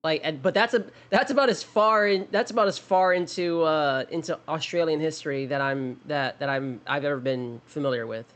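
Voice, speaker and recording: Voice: mid-range voice, normal speed, few pauses. A streamer chatting casually during a game, rambling with many restarts and thinking aloud. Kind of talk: casual livestream chat.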